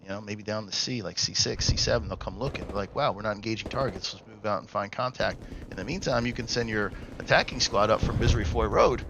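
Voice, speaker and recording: Excitable male game caster over gunfire. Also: fairly low pitch, quick pace, gravelly, background noise. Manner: excitable, coaching the players, hype bursts. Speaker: esports caster. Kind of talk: live game commentary. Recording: loud gunfire and artillery from the game behind. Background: game gunfire and explosions.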